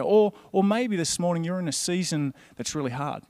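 A man preaching a conversational, earnest sermon in a slightly higher voice. The sound is dry and close, with hardly any room around him. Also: animated, normal speed, a little mellow, dry recording.

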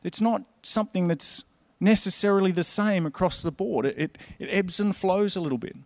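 A man's voice: sits high, normal speed, dry recording. A man preaching a sermon in a conversational, earnest way. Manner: conversational, earnest, with quoted inner voices.

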